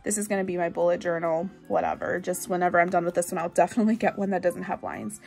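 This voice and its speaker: A woman's voice: on the low side, steady tone, fast, gravelly, darkish tone, soft background music. A young woman vlogging casually from her bedroom, chatty and bubbly, with lots of "um"s and "like"s. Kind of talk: casual show-and-tell vlog.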